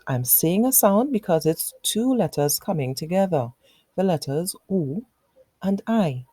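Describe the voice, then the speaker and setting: A woman teacher in her thirties walks young children through a phonics lesson, patient and encouraging. She speaks slowly in a lowish, mellow voice. The sound is dry and close. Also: lively intonation, husky, no echo.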